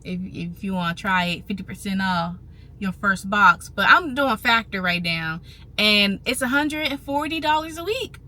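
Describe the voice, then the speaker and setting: A woman vlogging casually to her viewers, animated and chatty, repeating phrases for emphasis. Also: mid-range voice, moderate pace. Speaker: vlogger on trading and finance. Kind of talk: casual talk to camera.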